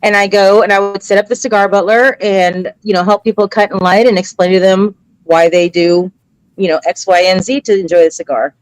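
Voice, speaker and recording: Animated woman telling stories, dry sound. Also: medium pitch, brisk, no echo, poor audio. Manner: animated, acts out quoted voices; emotional, earnest. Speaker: interview guest, cigar educator. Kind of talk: casual conversational storytelling.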